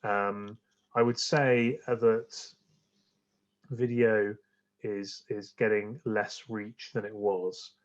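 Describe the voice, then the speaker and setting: A man's voice: on the low side, level tone, slow pace, lo-fi sound. A man, a guest on a podcast, chatting casually and rambling with many fillers and restarts. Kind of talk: casual interview chat.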